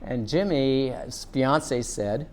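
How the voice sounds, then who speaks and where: A man's voice: mid-range voice, a little mellow. Earnest middle-aged man telling a story. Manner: earnest, unhurried, draws out a lesson. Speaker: former police officer telling a personal story. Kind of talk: reflective personal storytelling.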